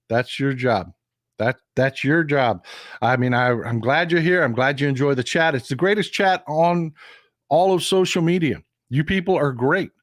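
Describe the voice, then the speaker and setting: A man's voice: a little high, no room sound, studio quality. A man hosting a casual political commentary livestream, folksy and repetitive, talking straight to his chat.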